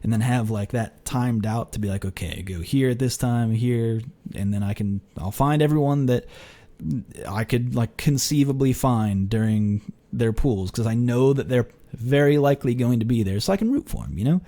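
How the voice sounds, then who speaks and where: A man's voice: moderate pace, mellow. A young man hosting a podcast, telling a story in a rambling, filler-heavy way with restarts, casual swearing and laughter. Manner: laughs and jumps in pitch when acting out quoted exchanges. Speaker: podcast host.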